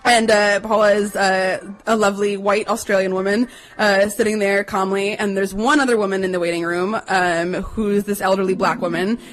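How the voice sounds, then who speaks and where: A young adult woman chattily telling a personal story to listeners, acting out the quotes in a higher voice. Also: level tone, normal speed, low-quality recording.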